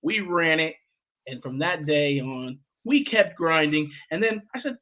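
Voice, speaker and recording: A man's voice: fairly high pitch, expressive, measured pace, highs cut off. A man hosting a livestream show, hyping up guests and telling stories in playful slangy casual chat.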